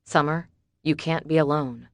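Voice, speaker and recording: A woman voicing a calm, firm, protective man on guard, for an audiobook. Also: low-pitched, normal speed, dry recording. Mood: steady.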